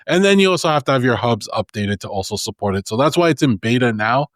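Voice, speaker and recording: A man's voice: mid-range voice, animated, fast talker, dry recording, studio quality. A man co-hosting a casual tech podcast, enthusiastic and explaining things step by step. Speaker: podcast co-host.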